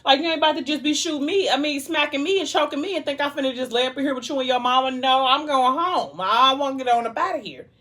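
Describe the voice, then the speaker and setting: A woman's voice: sits high, fast, few pauses, a bit bright, voice pushed up. A woman voicing a furious young woman who is leaving after a fight, in a defiant, indignant tone.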